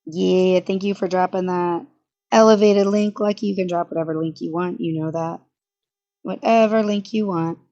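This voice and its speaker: A woman with a somewhat low voice chats sarcastically through live commentary, laughing and restarting her sentences. The sound is dull and lo-fi. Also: steady tone, moderate pace, warm tone. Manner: chatty and sarcastic, frequent laughs and self-interruptions. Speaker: commentary streamer. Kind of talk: casual livestream commentary.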